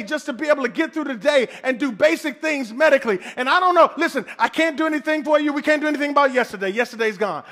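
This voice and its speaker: A male pastor with a very high-pitched voice preaches a sermon. He drives his points home with repetition and short punchy lines, and he calls on the congregation to answer back. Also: lively intonation, fast talker, few pauses, fairly bright tone. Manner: emphatic, repetitive preaching with call and response.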